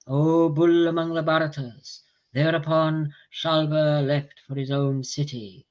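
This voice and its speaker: A man reads an ancient epic aloud to a small group. His delivery is slow and measured, with clear pauses between phrases. His voice sits slightly higher than most men's. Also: little pitch movement, a little mellow, highs cut off. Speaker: reader of scripture to a group.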